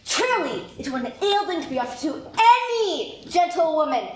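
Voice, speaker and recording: Lady playing a grumbly old nurse, super high pitched, boomy hall on stage. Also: very animated, normal speed. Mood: fussing. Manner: rambling, complaining, theatrical. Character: fussy, long-winded old female nurse. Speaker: stage actor. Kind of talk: live stage acting. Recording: echoey hall, noisy audience recording.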